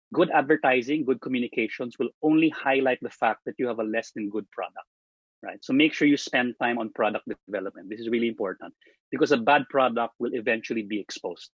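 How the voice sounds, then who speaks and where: A man giving a presentation on marketing, speaking emphatically, starting phrases high and letting them trail off. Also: husky, dry recording. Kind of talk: presentation talk. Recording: dull lo-fi dry sound.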